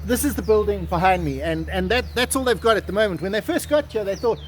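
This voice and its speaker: Man, very high-pitched voice, excitable travel vlogger, jokey, outdoors, faint birds behind. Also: fast talker, slight background noise. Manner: excitable, jokey, mock salesman patter. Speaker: travel vlog host. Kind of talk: casual walking tour to camera. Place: outdoors on a garden estate.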